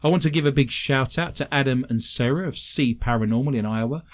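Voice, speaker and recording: A man's voice: mid-range voice, brisk. A man with a British English accent, a paranormal investigator telling self-mocking stories on a talk show. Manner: animated, self-mocking anecdotes. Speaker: paranormal investigator and medium, guest. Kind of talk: casual storytelling on a talk show.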